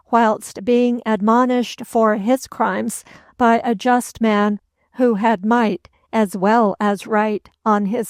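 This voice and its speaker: A woman reads a classic novel as an audiobook, narrating in a measured, even storytelling style. Her voice is a little high with a clean tone, recorded dry.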